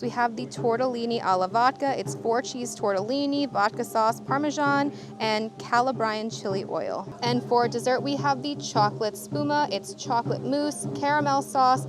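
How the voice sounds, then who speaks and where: A woman vlogging candid food reviews outdoors at a festival, talking freely with lots of restarts. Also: fairly high pitch. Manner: candid and chatty, with frequent restarts and fillers. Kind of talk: casual food review vlog.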